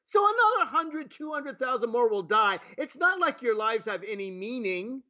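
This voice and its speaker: A man's voice: extremely high pitch, sing-song, normal speed, sharp tone, full character voice. A man putting on a sarcastic, exaggerated parody of a callous male president, in a slightly dull lo-fi recording.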